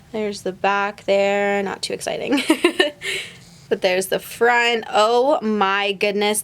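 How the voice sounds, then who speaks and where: A woman's voice: mid-range voice, a bit bright. A woman with a young daughter gushing through an unboxing vlog, gasping and repeating exclamations. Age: adult, a mother. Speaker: YouTuber unboxing a gift box.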